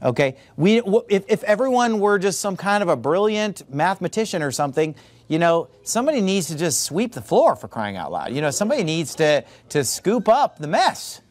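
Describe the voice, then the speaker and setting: A man preaching a sermon in an informal, animated way, full of asides to the room and quick mimicry. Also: sits high. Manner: informal filler-heavy delivery.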